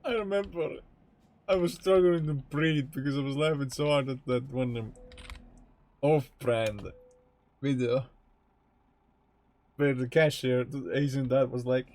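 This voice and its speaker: A man's voice: mid-range voice, steady tone, measured pace, pauses often, darkish tone. A male streamer chatting casually during a game, often breaking into laughter. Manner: giggly, keeps breaking into laughter.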